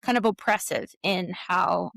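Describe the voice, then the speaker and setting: A woman's voice: lowish voice, unhurried, gravelly, a bit bright, dry recording. A woman guest author in a casual podcast chat, talking loosely with frequent little laughs and filler words. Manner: chatty, giggly, lots of "like" fillers.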